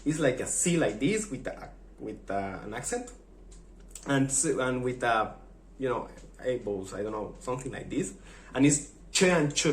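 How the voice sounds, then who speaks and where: A man's voice: medium pitch, moderate pace, roomy sound, a little hiss or hum. A Spanish-speaking man from Mexico with a Mexican accent, chatting casually on his vlog and acting out funny little exchanges. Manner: animated, acts out funny quoted exchanges. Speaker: vlogger. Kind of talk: casual chat.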